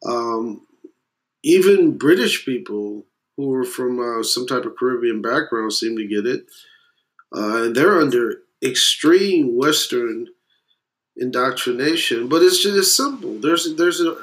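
A man of West Indian heritage delivering a blunt, profane opinion rant, with loud emphatic bursts and muttered asides. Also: mid-range voice, animated, a little slow. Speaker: commentator.

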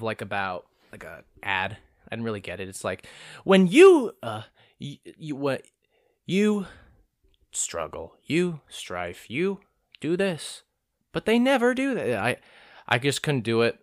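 A man's voice: medium pitch, fairly bright tone, no room sound, studio quality. A young man in his twenties rambling casually through a self-deprecating, profane monologue as a vlogger.

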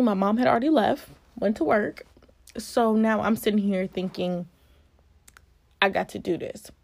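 A woman in her early twenties from Virginia, vlogging a casual storytime with an animated, expressive delivery. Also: mid-range voice, no room sound. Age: early 20s.

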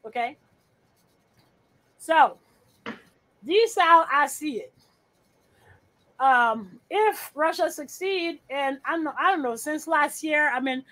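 A woman's voice: sits high, expressive, takes it slowly, long pauses, pushed and bright, dry recording. A woman guesting on a podcast over a remote call, talking bluntly with profanity and repeating her points. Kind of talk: casual podcast chat.

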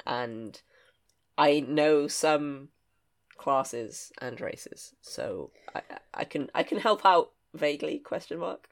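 Hesitant man chatting on a podcast. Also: fairly high pitch. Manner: hesitant, halting, with many ums. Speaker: podcast co-host and writer. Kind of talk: casual Q&A podcast chat.

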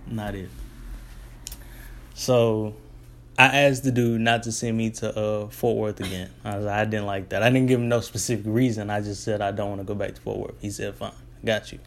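A man's voice: fairly low pitch, normal speed, slight background noise. Casual young man telling a story. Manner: rambling, restarts, relaxed colloquial. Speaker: delivery driver.

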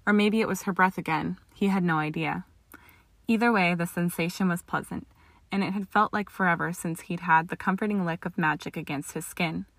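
A woman narrating a story aloud, reading in a steady, measured way. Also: fairly low pitch, no room sound. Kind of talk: audiobook narration of fan fiction.

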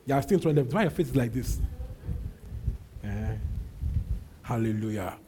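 A young man with a husky voice preaching a sermon as pastor, emphatic, repeating his phrases and swinging from loud calls to low asides. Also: expressive, normal speed, a little hiss or hum.

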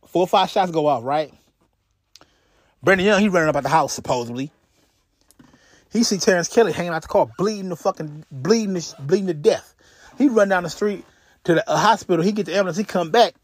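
A man's voice: high voice, lively intonation, a little fast, pauses often, husky, no room sound. Profane slangy man telling a story. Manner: profane and slangy, with stalls and repeats. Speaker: podcast host. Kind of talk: casual crime storytelling.

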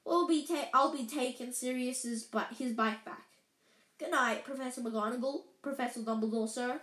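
A woman voicing a huge, gentle male giant who sniffles through rough, apologetic lines, read aloud from a storybook in an echoey room. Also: high voice, normal speed. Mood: tearful.

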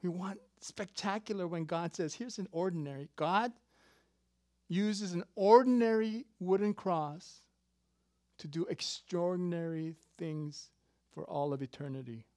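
Pastor in his fifties, a bit high-voiced and lively, dry close sound, jokey sermon delivery. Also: a little slow, no echo. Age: 50s. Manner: animated, jokey, swings between loud emphasis and quiet asides.

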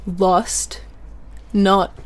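A woman's voice: mid-range voice, level tone, drawn-out words, background noise. A young woman co-hosting a podcast, talking things through in a thoughtful, reflective way. Her voice sits in a mid range and the tone is casual and open. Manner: reflective, thinking aloud. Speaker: podcast co-host. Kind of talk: casual chat.

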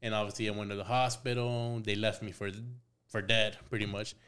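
A man's voice: fairly low pitch, flat delivery, fairly quick, a bit bright. A young man, a tattoo artist, telling stories on a podcast in a laid-back way, swearing a lot and acting out quotes. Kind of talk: casual storytelling chat.

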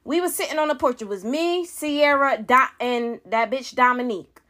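Woman, high voice, sharp bright tone, casual storytime rant, blunt, heated, swearing. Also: normal speed. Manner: profane, heated, blunt retelling. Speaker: vlogger.

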